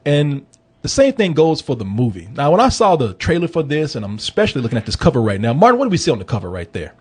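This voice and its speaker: A man hosting a movie review podcast, talking in an animated, joking, profane casual chat. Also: fairly high pitch, fast talker, slightly rough.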